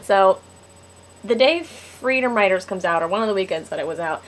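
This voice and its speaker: A woman's voice: mid-range voice, expressive, normal speed. A teenage girl telling a personal story to camera in a casual, giggly way, full of "like". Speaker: vlogger.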